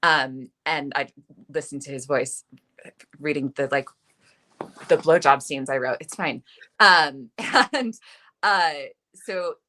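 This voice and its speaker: A woman author telling a lively, self-deprecating anecdote in a chatty interview, full of "like" and asides. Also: deep voice, slow pace, long pauses. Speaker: author guest. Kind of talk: animated anecdote on a video interview.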